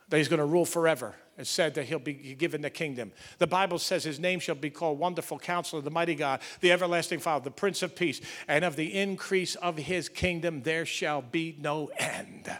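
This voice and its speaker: Pastor, male, high-pitched, sermon delivery with fervent emphatic peaks. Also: a little fast. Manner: preaching, rising to fervent shouts on key lines.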